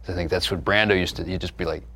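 A middle-aged man with a fairly low voice tells candid stories about his work. He is animated and swears freely, with quick laughs. At times his voice drops to a hushed, thoughtful register. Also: a little hiss or hum. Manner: animated, profane, laughing, drifts into soft low musing. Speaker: actor, interview guest. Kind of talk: candid conversational storytelling.

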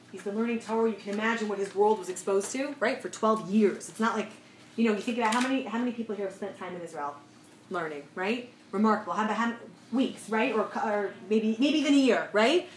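A woman teaching a lively class lecture, telling a story and asking her students questions as she goes. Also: a little high. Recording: echoey room, faint noise.

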